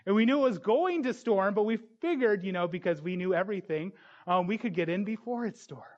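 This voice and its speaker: High-voiced man preaching a sermon. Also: fairly quick, highs cut off. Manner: storytelling, animated voices in retold scenes.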